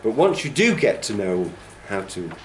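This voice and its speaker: In an echoey classroom, a TESOL trainer teaches his training class with patient explanations, stretching out words to exaggerate where the stress falls. He speaks at normal speed in a fairly low, very animated voice, against slight background noise.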